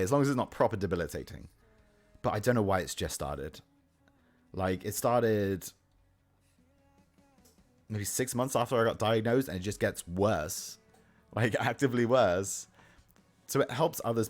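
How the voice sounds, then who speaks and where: Chatty young man, lively pitch. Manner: chatty, reads and answers chat, swears casually. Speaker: streamer. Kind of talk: casual live-stream chat. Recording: faint music in the background. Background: faint music.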